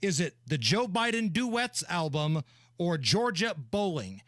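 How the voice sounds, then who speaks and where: A man co-hosting a talk radio show, talking in an animated, sarcastic way into a studio microphone. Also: high-pitched, unhurried, no echo. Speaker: radio co-host.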